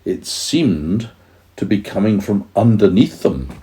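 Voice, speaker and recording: A man's voice: on the low side, expressive, takes it slowly, mellow. A man reading a children's story aloud to his young child, patiently stopping to explain words.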